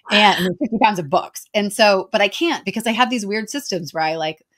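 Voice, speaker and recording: A woman with an American accent, talking casually as a guest in an interview, chatty and quick, with lots of "like" and "right?". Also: medium pitch, animated, a bit bright. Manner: chatty, fast, heavy on filler "like" and "right?".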